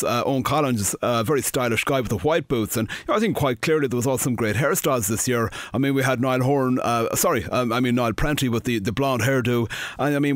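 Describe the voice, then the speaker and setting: A man's voice: medium pitch, no echo, studio quality, lightly acted. A man putting on a chatty male football manager who keeps saying "you know" and "certainly".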